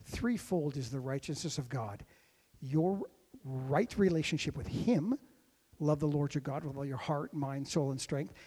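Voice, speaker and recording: A man preaching a sermon as pastor, dropping to a hush and then rising to loud, ringing exclamations. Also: on the high side, a little slow, breathy edge, big-room sound. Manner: dynamic preaching, swinging from hushed to shouted.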